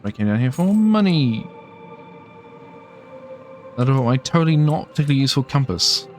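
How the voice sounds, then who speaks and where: A man's voice: mid-range voice, very animated, normal speed, soft background music. A man giving casual let's play commentary while he plays a game, with offhand, mumbling asides. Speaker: gameplay commentator.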